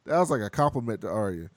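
A man hosting a casual podcast, recapping scenes and acting out the characters' lines in quick voices, laughing often. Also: on the low side, dry recording, clean studio sound. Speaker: podcast host recapping a TV show. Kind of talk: casual chat.

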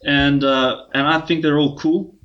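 A man's voice: fairly high pitch, fairly even intonation, unhurried, dull audio. A man co-hosting a casual podcast, talking in an easygoing, rambling way with frequent restarts. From South Africa. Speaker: podcast co-host.

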